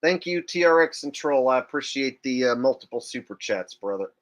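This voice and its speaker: A man's voice: medium pitch, lively intonation, a little fast, a bit bright. A man hosting a live stream, talking in an incredulous, profane, digressive way. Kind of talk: casual live-stream commentary.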